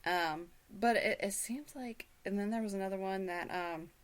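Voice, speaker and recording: A woman's voice: mid-range voice, normal speed, clean tone. A middle-aged woman hosting a casual radio chat, rambling with many fillers and restarts. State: hiccups. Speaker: radio show host.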